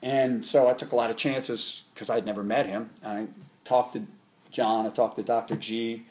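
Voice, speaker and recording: A middle-aged man with an everyday mid-range voice tells long stories in a relaxed interview. He rambles and restarts often, and his pitch and volume climb when something excites him. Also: normal speed. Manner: rambling, with frequent restarts and fillers; voice jumps up in pitch and volume when he gets animated. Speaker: martial arts instructor and interview guest. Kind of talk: casual storytelling in an interview.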